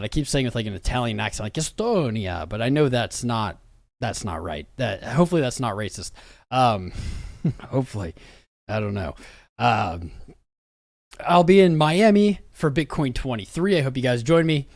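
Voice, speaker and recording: A young man hosts a crypto livestream, rambling through loose, slangy, hype-filled commentary while sounding tired after hours of being up. His voice is medium-pitched, recorded with studio quality and no echo.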